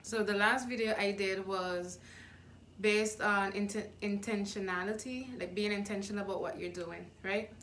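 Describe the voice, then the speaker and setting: A young woman vlogs in a relaxed, earnest way, encouraging the people watching and now and then stopping to restart a thought. Her voice sits at an ordinary middle pitch. A faint hum runs under the recording. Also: normal speed. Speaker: YouTube vlogger. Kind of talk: casual motivational vlog.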